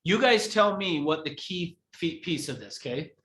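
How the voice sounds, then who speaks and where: A man's voice: a little high, lively intonation, moderate pace, fairly bright tone, a little hiss or hum. A man teaching a live real estate training class who acts out examples as he explains them. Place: training room. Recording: echoey room.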